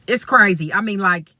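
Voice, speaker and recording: A woman's voice: medium pitch, vocal fry, pushed and bright, no room sound. Blunt profane woman telling a story. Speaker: vlogger. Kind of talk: storytime vlog.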